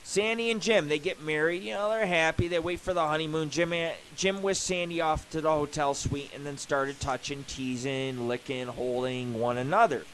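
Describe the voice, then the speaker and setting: A man's voice: on the high side, fairly even intonation, normal speed, few pauses, a bit bright, a little hiss or hum, rough recording. A man hosting a live internet radio show, ranting in a rambling, profane, joking way.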